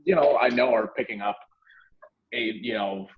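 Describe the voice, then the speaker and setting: A man's voice: mid-range voice, normal speed. A man who teaches classes, talking in a loose, rambling way with many fillers during a casual video call discussion. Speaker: instructor. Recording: muffled lo-fi audio.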